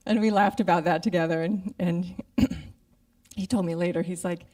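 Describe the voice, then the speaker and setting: Mellow-voiced middle-aged woman preaching. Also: fairly low pitch, slow pace, pauses often, distant mic. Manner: conversational, acts out her own inner voice. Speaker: guest speaker. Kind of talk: sermon. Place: church sanctuary.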